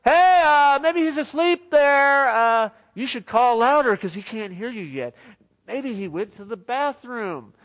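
A bold male prophet jeers at his rivals in high, teasing smack talk, as a preacher puts him on. The voice jumps well above the man's own. The teasing is jokey, not angry. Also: animated, a little slow, fairly bright tone, exaggerated voice. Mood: mocking.

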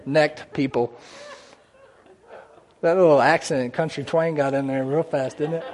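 A man preaches to his congregation in a loose, conversational way. His voice sits a little high, and he breaks off now and then for small jokes and side comments. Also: fairly even intonation, unhurried, long pauses, a little mellow, a faint crowd. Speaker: pastor. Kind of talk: sermon. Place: church sanctuary.

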